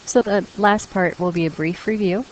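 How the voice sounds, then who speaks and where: A woman's voice: mid-range voice, normal speed, a little hiss or hum, rough recording. A woman teacher explaining punctuation rules to her class in a patient, encouraging way, reading example sentences aloud. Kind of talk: classroom grammar lesson.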